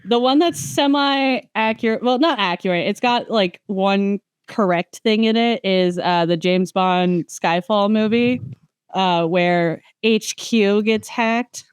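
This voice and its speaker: Woman podcast guest, smooth clear voice, dry close sound, rambling explainer. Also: medium pitch, slow, no echo. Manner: explains in long tangents with many fillers. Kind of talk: casual podcast chat.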